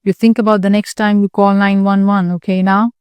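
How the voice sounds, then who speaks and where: A woman voicing a male patrol officer who talks down with mocking condescension, read in an audiobook. The voice stays smooth and clear on a dry recording. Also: high voice, flat delivery, a little fast, no room sound, close to an everyday voice. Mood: condescending.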